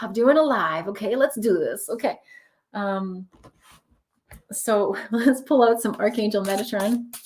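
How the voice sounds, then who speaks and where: A woman leads a live-streamed spiritual tarot reading. Her voice sits at an ordinary middle pitch, and she talks in an effusive, emotional, affirming way. She is recorded on a webcam or phone mic. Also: moderate pace.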